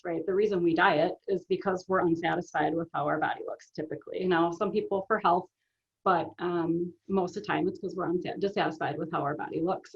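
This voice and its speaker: A middle-aged woman talks earnestly in an interview and sits a little low in pitch. She keeps asking "right?" and drops in soft ums as she explains. The audio is dull and lo-fi. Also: gravelly. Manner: earnest, often adds "right?" and "um". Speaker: guest, author and business owner. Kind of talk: conversational interview.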